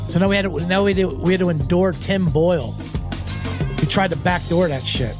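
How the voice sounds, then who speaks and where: A man's voice: high-pitched, normal speed, over music. A man hosting a sports betting show, recapping games in a rambling, profane, joking way and slipping into mocking voices.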